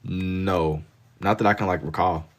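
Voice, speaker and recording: Measured in pace and steady in tone, a deep-voiced Kentucky streamer keeps things relaxed as he draws live. He works through the chat, answering viewers with easygoing, slang-heavy talk.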